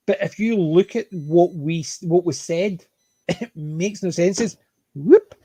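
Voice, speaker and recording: A middle-aged Glaswegian man hosts a casual panel chat, spinning anecdotes in a lively way. His voice sits fairly high, and the recording is dry and close with no room sound. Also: unhurried, dry recording. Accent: Glaswegian Scottish. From Scotland, Glasgow area. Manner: chatty, anecdotal, animated. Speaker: panel host.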